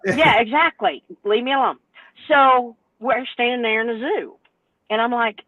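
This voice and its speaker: A woman, a truck driver telling an exasperated, animated story on a podcast panel. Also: a little high, normal speed, dry recording. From North Carolina, US. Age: 60s. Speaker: truck driver and owner operator, panel guest. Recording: tinny phone-like line, dry.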